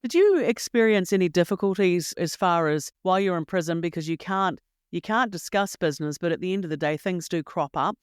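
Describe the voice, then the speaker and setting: A man hosting an interview, asking measured, probing questions. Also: high voice, clean tone, dry recording, clean studio sound. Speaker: interviewer host.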